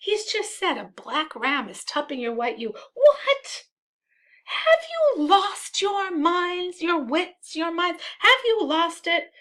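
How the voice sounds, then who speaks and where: A woman reading aloud as an elderly male senator, shouting in shrill alarm. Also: sing-song, normal speed, hardly any pauses, exaggerated voice. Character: outraged elderly male senator roused from sleep.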